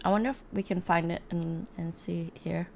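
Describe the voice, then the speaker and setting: A woman's voice: on the low side, fairly even intonation, moderate pace, creaky, dark tone, slight background noise. A young woman streamer chatting casually and rambling, with frequent giggles and fillers while she reacts to videos. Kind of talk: casual chat.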